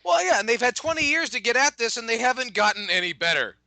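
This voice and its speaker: A man's voice: very high voice, animated, fast talker, creaky, bright, forceful tone, dry recording. A man hosting a podcast in casual chat, rambling with lots of fillers and swearing. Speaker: podcast host.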